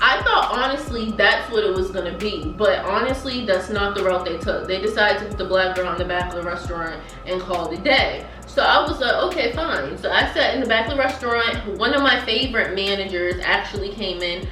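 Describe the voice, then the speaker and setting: A young woman telling a story on her vlog while eating, in an animated, slangy, emphatic way. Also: medium pitch, fairly quick, few pauses, roomy sound, recorded from a distance, over music, low-quality recording. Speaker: vlogger.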